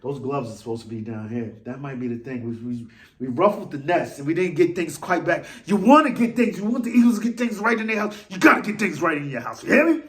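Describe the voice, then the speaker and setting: A man's voice: a little high, lively intonation, fast talker, fairly bright tone. A man hosting a fan vlog, ranting in a rambling, slangy and self-mocking way. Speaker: vlog host.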